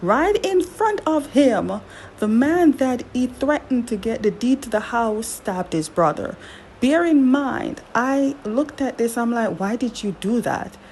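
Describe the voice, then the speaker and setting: A woman giving a casual recap of a drama series, chatty and animated, firing off indignant rhetorical questions and correcting herself as she goes. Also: a little high, slow pace, slight background noise, poor audio. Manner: chatty, with frequent self-corrections.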